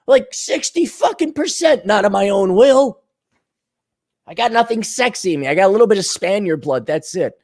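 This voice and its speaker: Profane, lively-pitched man ranting. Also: moderate pace. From Minnesota. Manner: profane, mocking, slips into sarcastic impressions. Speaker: podcast host. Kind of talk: casual monologue.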